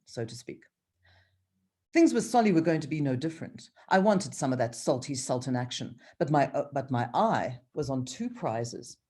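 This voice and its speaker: A woman's voice: a bass voice, warm tone, breathy edge. A woman author reading from her own novel, then talking with hesitant ums and restarts over a video call.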